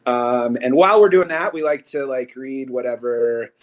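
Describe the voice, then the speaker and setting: A man's voice: mid-range voice, moderate pace. A young man co-hosting a podcast in casual chat, rambling with many fillers and dry jokes. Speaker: podcast co-host.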